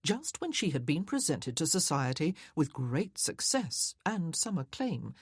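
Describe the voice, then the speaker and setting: A woman narrating a period novel as an audiobook, with a low, husky voice and a measured delivery. The reading is close and dry, with no room sound. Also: very animated, no room sound.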